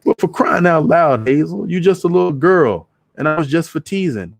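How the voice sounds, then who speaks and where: A man's voice: a little high, big pitch swings, moderate pace, darkish tone, no room sound, voice pushed up. A man doing a defensive grown uncle. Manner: defensive, exasperated. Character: grown uncle making excuses, teasing.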